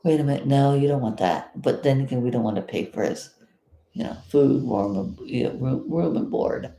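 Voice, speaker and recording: A woman's voice: a bass voice, moderate pace, gravelly, mellow, echoey room. A woman from South Florida giving blunt, indignant live commentary as a vlogger, swearing freely.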